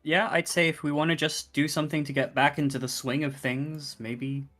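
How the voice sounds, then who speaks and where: Casual, mid-pitched male player. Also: flat delivery, normal speed, fairly bright tone, faint music behind. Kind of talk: casual chat at a game table.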